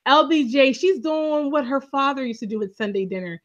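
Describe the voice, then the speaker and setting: A woman with a high voice talks through a show recap, emphatic and quick to agree. Her voice comes through a dull, lo-fi recording. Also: animated. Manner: chatty, emphatic, agreeing, laughing. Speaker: podcast co-host. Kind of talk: casual recap chat.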